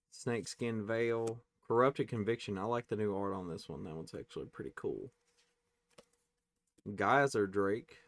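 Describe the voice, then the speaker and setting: A man hosting a casual pack-opening video, reading card names aloud and tossing in quick offhand reactions. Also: fairly low pitch, no room sound. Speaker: card-opening channel host.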